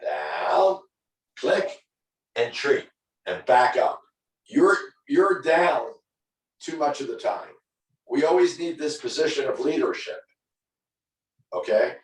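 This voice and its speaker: A man's voice: medium pitch, lively intonation, measured pace, long pauses, echoey room, poor audio. A man coaching a dog owner through training drills, firm and corrective, repeating his instructions. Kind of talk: hands-on coaching over a call.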